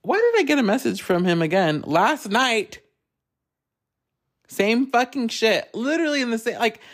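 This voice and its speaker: A podcast host telling a story in a casual solo chat, animated, laughing often and swearing freely. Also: mid-range voice, normal speed.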